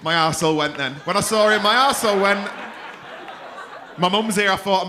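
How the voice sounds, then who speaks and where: A man's voice: high-pitched, a little fast, long pauses, bright, forceful tone, some chatter behind, slight background noise. A man hosting a comedy club night, swearing freely and teasing audience members. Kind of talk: stand-up crowd work.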